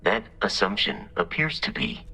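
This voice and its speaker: An actor voicing a polite, analytical robot companion in a video game, speaking in formal, precise phrasing with a husky, gravelly voice. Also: male voice, lowish voice, huge pitch swings, moderate pace, pushed and bright, full character voice, rough recording. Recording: game audio with faint music.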